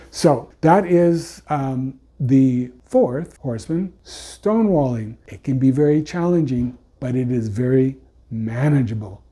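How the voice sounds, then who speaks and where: Husky, dark-voiced male counselor. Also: medium pitch. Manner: conversational, frequent "you know" fillers and restarts. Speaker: couples counselor. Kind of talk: unscripted educational talk.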